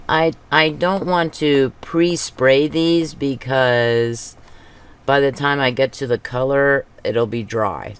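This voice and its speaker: A woman hosting a craft video, chatting casually as she paints, thinking aloud and talking to herself with soft chuckles. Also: rumbling low, clear, resonant tone. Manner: soft chuckles between remarks.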